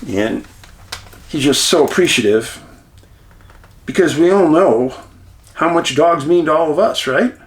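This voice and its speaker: A middle-aged man, host of his channel, casually telling a story to the camera in a chatty, animated way, quoting the people he met. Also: fairly high pitch, unhurried, pauses often. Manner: chatty, animated retelling with quoted dialogue. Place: rural home outdoors.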